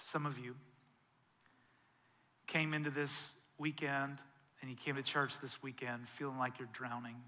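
A male pastor preaching a sermon, swinging from loud, intense passages to soft, hushed ones. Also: mid-range voice, level tone, a little slow, long pauses. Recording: long reverb of a large hall.

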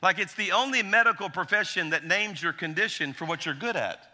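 Pastor, forties, male; bright, crisp tone, humorous sermon storyteller. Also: high-pitched, fairly quick, slight background noise. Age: 40s. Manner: storytelling with humor, animated asides.

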